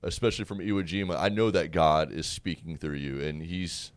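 A man's voice: low voice, fairly quick, no room sound. A man hosting a radio interview, speaking in an earnest, affirming way to his guest. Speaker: radio host. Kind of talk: interview conversation.

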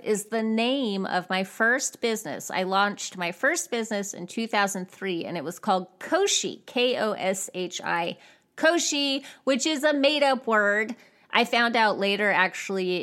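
A woman in her forties hosts her own podcast and talks straight into a podcast mic. Her pitch sits mid-range for a woman. She chats casually and expressively, and her voice often leaps up in pitch. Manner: chatty and expressive, with jumps in pitch. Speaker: podcast host. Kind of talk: casual solo podcast talk.

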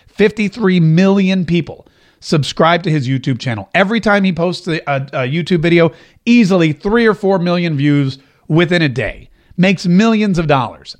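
Animated, rambling male talk host. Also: high-pitched. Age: middle-aged. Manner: animated, rambling, repeats himself. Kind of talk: opinion talk show monologue.

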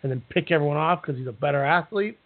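A man's voice: a little high, fast talker. A man co-hosting a podcast, recapping a reality show in a joking, rambling way. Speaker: podcast co-host. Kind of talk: casual recap chat. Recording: tinny phone-like sound.

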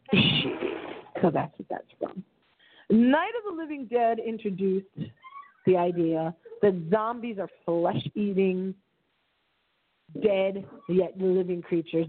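A middle-aged woman hosting her internet radio show alone, talking in a theatrical, dramatic way with big swings in pitch. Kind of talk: solo radio show monologue. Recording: phone-line audio.

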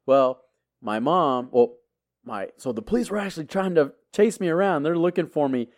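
A man's voice: a little high, lively intonation, normal speed. Rambling middle-aged man telling a story. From Texas. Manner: rambling, full of filler words and restarts. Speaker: podcast host. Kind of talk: casual storytelling.

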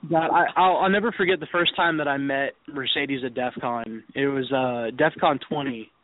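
A man's voice: mid-range voice, normal speed, dry recording. Profane storytelling man on a tinny line. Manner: profane, storytelling, laughs often. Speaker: radio show host. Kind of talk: casual crude chat on internet radio. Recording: tinny call-in audio.

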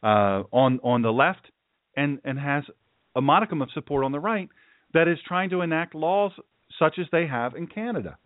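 A man who is a pastor hosting his own show, preaching forcefully and emphatically, often repeating himself for effect. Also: fairly high pitch, no room sound. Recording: dry, tinny phone-like sound.

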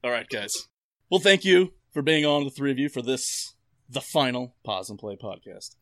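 A man hosts a casual podcast with a bright, forward voice and gives his guests dry, mock-grand introductions. The sound is close and dead, with no room in it. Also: medium pitch, expressive, normal speed, no room sound. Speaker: podcast host. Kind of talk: casual comedic podcast banter.

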